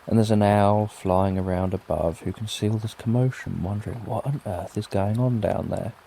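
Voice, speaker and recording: A middle-aged British man telling a soothing bedtime story in a gentle, lulling way. His voice sits low, dark and mellow, with a gravelly edge. Soft rain falls faintly behind him. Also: normal speed, slight background noise. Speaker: sleep story narrator.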